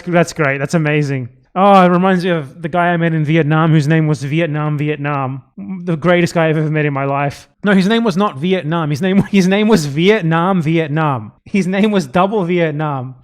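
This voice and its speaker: A man's voice: on the high side, moderate pace, few pauses. A man streaming live and commenting sarcastically on a video, swearing often. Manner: sarcastic, profane, animated.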